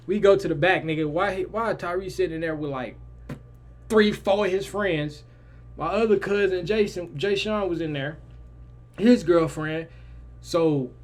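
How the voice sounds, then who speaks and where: A young man telling a story in a lively, casual way, jumping to loud, high-pitched quoted lines. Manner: animated, swings loud and high in quoted lines, swears freely. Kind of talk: animated storytelling.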